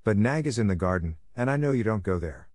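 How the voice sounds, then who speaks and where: A man reading a storybook aloud, voicing a bold, scornful young male mongoose with a brisk manner. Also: fairly low pitch, animated, darkish tone, no echo, studio quality. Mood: scornful, impatient.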